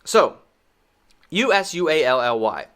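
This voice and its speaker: Slow, playful American man teaching pronunciation. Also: medium pitch, lively intonation, fairly bright tone. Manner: playful, repeats words slowly for drill, drops to near whispers. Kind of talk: casual online pronunciation lesson.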